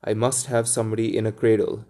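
A bossy, motherly girl who scolds in a prim, proper way, put on lightly by a man reading aloud. The voice stays gravelly and mellow underneath. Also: lowish voice, flat delivery, fast, lightly acted. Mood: firm.

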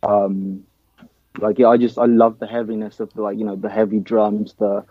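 A young man from Nigeria chats about his drumming in a low, level voice, loose and filler-heavy. The sound is dry and a little dull, like a remote call. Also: normal speed, no room sound. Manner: relaxed, filler-heavy, says man and dude. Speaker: band drummer. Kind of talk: casual interview chat.

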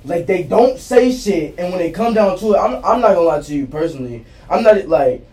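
A man's voice: high-pitched, expressive, a little fast, a little mellow. A man joking and cursing freely in a casual group chat. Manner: profane, joking, laughs easily. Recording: distant mic in echoey room.

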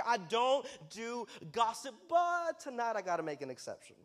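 A man preaching as a youth pastor in a sermon, talking in a loose, conversational way that breaks into loud, emphatic bursts. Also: very high voice, sing-song, fairly quick, few pauses. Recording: long hall reverb.

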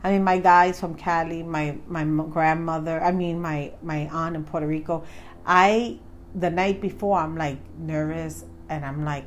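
A woman's voice: low voice, normal speed, a little hiss or hum. A young woman co-hosting a podcast, talking in a chatty, rambling way and acting out her own reactions. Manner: chatty, rambling, animated retelling. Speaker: podcast co-host. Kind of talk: casual chat.

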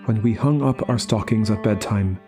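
A man reading a short story aloud as the narrator, in slow, measured scripted narration. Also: fairly low pitch, over music. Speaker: story reader.

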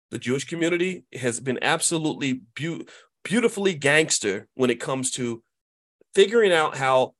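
A middle-aged man hosting a casual commentary monologue, emphatic and repetitive, often asking "right?" and jumping into high voices to mimic people. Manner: emphatic, repetitive, tag questions. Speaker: host.

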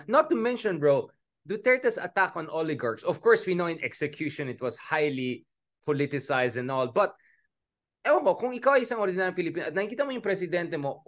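A man with a Filipino accent in casual political discussion, switching between Filipino and English and calling his co-host "bro". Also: a little high. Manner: animated, mixes Filipino and English, says "bro".

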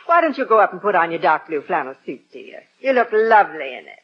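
A sweet, coaxing wife. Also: female voice, lowish voice, big pitch swings, fast talker. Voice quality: gentle, coaxing. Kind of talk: 1940s radio sitcom acting. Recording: muffled old radio recording, faint hiss.

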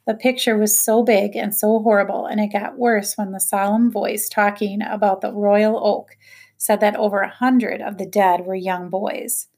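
A woman reading a children's novel aloud, in a steady, measured first-person narration. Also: medium pitch. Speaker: audiobook reader.

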